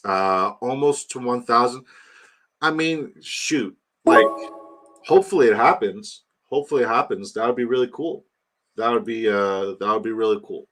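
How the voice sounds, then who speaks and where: A young man hosting a live fantasy football draft stream, rambling and joking as he shouts out viewers by name. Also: mid-range voice, moderate pace. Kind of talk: casual live-stream chat.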